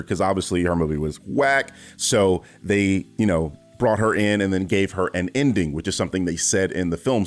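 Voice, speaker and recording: A young man giving casual, animated movie commentary, talking freely with lots of fillers and swearing. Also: fairly low pitch. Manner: animated, profane, chatty with many fillers.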